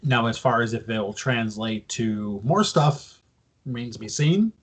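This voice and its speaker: A man's voice: mid-range voice, unhurried, breathy edge. A man co-hosting a casual wrestling podcast, explaining news at length in a loose, profane way. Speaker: podcast co-host.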